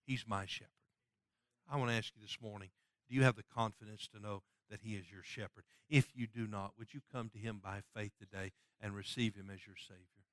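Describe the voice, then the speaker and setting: A man preaching a sermon who swings from loud, ringing passages to soft, hushed appeals and quotes scripture in old-fashioned wording. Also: lowish voice, fairly even intonation, fairly quick, no echo, studio quality. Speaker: pastor.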